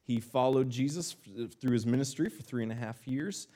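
A male pastor telling a self-deprecating story in a sermon, animated and acting out the lines, speaking in a church. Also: medium pitch, moderate pace.

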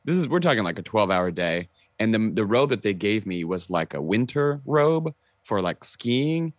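A man's voice: on the low side, moderate pace, no echo, studio quality. A young adult man, a podcast guest and actor, telling stories in casual chat, acting out quotes with lots of "like" and the odd swear word. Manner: animated storyteller, acting out quotes, frequent "like" and swearing.

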